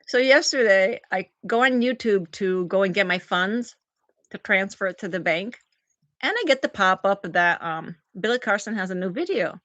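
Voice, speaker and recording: A woman's voice: medium pitch, normal speed, highs cut off. A woman live-streams from her phone, chatting with her viewers and thanking them for gifts. Her voice swings around a lot as she tells the story. The sound is dry and close, with almost no room echo. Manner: animated storyteller, acts out quotes in big voices. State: recovering from oral surgery. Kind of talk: casual live-stream chat.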